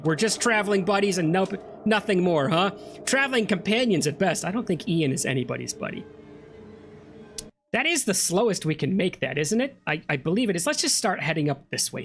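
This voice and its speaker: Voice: mid-range voice, a bit bright, a little hiss or hum. Chatty let's play host, joking thru a first playthrough, voice bounces up and down a lot. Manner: chatty, joking, reads game text aloud. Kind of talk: casual gameplay commentary.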